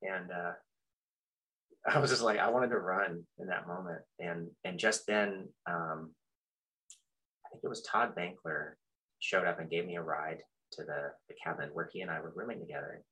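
A middle-aged man telling a personal story in a halting, reflective way, full of fillers and restarts, with soft self-deprecating chuckles. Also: sits low, steady tone, low-quality recording. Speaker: practitioner sharing his story.

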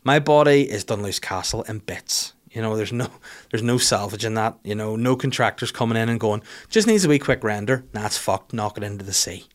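A man's voice: lowish voice, animated, a little fast. A man, telling funny self-deprecating stories about his life in casual, sweary talk. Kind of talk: casual storytelling monologue.

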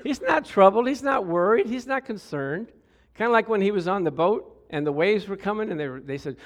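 A man with a fairly high voice delivers a lively sermon. He talks straight to the congregation and acts out quoted voices with playful humor. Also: brisk. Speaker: preacher.

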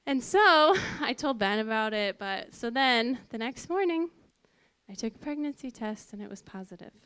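A woman telling a personal testimony to an audience in a lively storytelling way, acting out what people said. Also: normal speed, clear, resonant tone, dry recording. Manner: lively, acts out quoted voices with big pitch jumps. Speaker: speaker giving a personal testimony.

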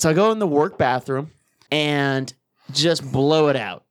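A man's voice: fairly high pitch, moderate pace. Man laughing through a crude story. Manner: laughs through crude anecdote, animated swings up when excited. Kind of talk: casual storytelling chat.

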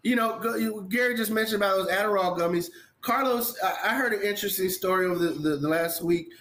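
Man, fairly high voice, podcast host, earnest, stumbling repeats. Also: quick pace, fairly bright tone, slight background noise. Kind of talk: casual podcast chat.

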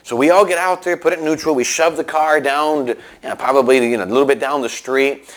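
A man giving a sermon in a conversational way, telling a story with many restarts and lively asides. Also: on the high side, fast talker. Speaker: preacher.

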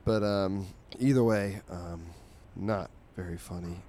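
A man hosting a comics podcast, recapping strips in a sarcastic, weary way with lots of ums and low enthusiasm. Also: fairly even intonation, slow, mellow, a little hiss or hum.

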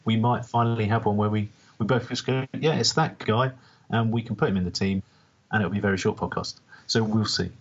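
A man's voice: lowish voice, steady tone, a little fast, breathy edge. A man from England co-hosting a podcast and chatting casually, with a dry, understated delivery. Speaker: podcast co-host. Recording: dull lo-fi sound.

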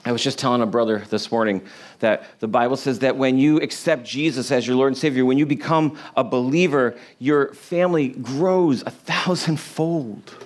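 A man's voice: mid-range voice, a little fast. A man preaching an informal sermon to a congregation in a room, earnest and conversational, often restarting his phrases. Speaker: pastor.

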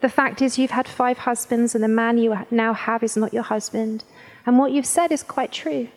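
A woman reading scripture aloud, voicing a calm, authoritative male teacher in a measured, solemn way. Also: fairly high pitch, big-room sound, natural voice.

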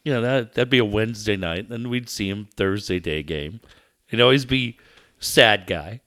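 A man's voice: fairly low pitch, normal speed, a bit bright. A male sports broadcaster recalling ballpark stories in a casual talk, chatty and laughing.

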